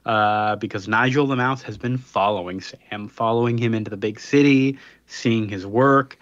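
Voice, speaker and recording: A man co-hosting a podcast, casually recapping a comic in a relaxed, rambling way with lots of fillers. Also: on the low side, normal speed, dry recording, dull audio. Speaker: podcast co-host.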